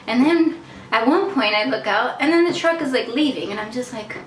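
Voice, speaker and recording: A woman telling a casual storytime vlog, chatty and animated, swearing freely and saying "like" a lot. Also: a little high, moderate pace, a little hiss or hum. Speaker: vlogger. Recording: echoey room, mic at a distance.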